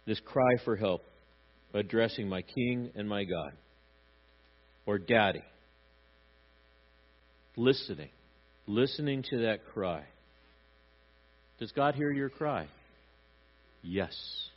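Animated man preaching a sermon. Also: lowish voice, slow, pauses often, dull audio. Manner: animated, acts out little voices for God and parents. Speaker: pastor.

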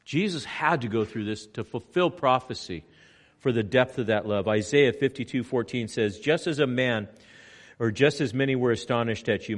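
A man preaching a sermon with slow, emphatic delivery, swinging between loud passages and hushed ones. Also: mid-range voice. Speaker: pastor. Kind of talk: sermon on location.

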